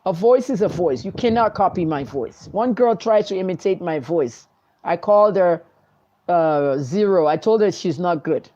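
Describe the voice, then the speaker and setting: A woman with a US East Coast accent delivers pointed, declamatory commentary to her viewers, her voice pitched low. She talks with sweeping, forceful conviction. The sound is dull and lo-fi. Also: animated, normal speed. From Nigeria. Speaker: journalist and commentator. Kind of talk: opinionated talk to viewers.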